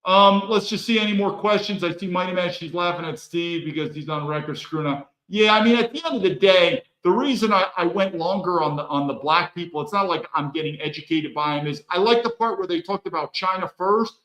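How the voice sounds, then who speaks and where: A man's voice: high voice, brisk, few pauses, a bit bright, roomy sound, rough recording. A man from the United States hosting a solo livestream, rambling in heated rants and often restarting his sentences. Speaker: livestream host.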